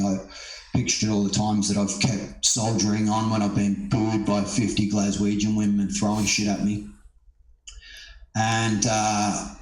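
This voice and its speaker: A middle-aged man, a stand-up comedian, telling a story in a casual, rambling way, with lots of swearing, fillers and restarts. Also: on the low side. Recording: roomy echo.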